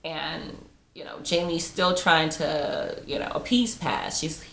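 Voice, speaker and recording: A woman's voice: deep voice, takes it slowly, a bit bright, a little hiss or hum. A woman giving a chatty, casual recap of a TV episode, laughing often and acting out the characters' lines. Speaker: TV episode reviewer. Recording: roomy echo.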